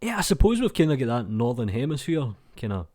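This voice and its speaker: A man's voice: medium pitch, very animated, a little fast, warm tone, dry recording, studio quality. A young adult man with a Scottish accent, hosting his channel and reading viewer comments in a chatty, rambling, laid-back way, talking into a mic with no pop filter. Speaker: YouTube channel host. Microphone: desk mic without pop filter.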